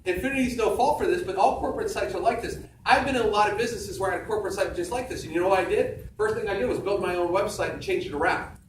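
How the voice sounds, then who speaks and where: On stage before an audience in a large room, a male seminar speaker delivers a punchy, emphatic motivational sales talk, repeating key phrases. His high voice races with few pauses, and the recording is echoey, distant from the mic, with faint background noise.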